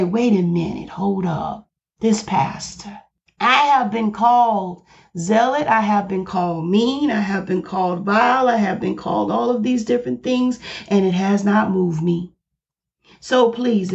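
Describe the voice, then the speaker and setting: A woman preaching on her own podcast in a slow, deliberate delivery with a gravelly edge to her voice. She is passionate and emphatic and drives home key lines by repeating them. The recording sounds somewhat dull and lo-fi. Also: mid-range voice, a little mellow. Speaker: pastor and podcast host.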